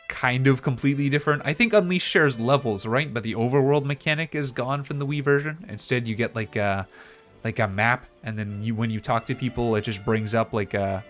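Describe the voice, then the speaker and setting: A man's voice: medium pitch, a bit bright. A male streamer chatting casually and rambling through game commentary, often laughing at himself. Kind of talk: casual let's-play commentary.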